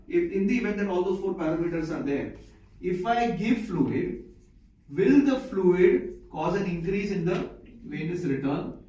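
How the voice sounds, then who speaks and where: This man's voice is high yet dark in tone as he lectures a live class on medicine. He goes over key points again and asks whether his audience keeps up, all captured in an echoey, distant, muffled room recording.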